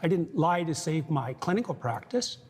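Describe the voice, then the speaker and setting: A man's voice: a little high, very animated, moderate pace, darkish tone, breathy edge. A man in a debate, speaking in a grave, lecturing manner, recorded in a reverberant hall. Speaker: debate guest. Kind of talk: debate from archive clip.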